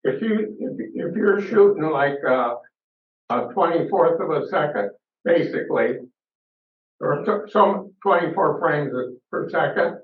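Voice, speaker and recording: A man's voice: fairly high pitch, animated, a little slow. A camera club member in a casual discussion, a man who talks hesitantly and leans on what the manual says. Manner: hesitant, defers to the book. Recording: distant, phone-like, echoey.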